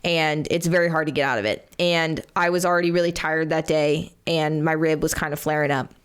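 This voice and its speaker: Lower-pitched woman telling a lively story. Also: a little fast, clean tone. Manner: animated storyteller, swears freely, laughs mid-sentence. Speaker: podcast co-host. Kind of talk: casual storytelling chat.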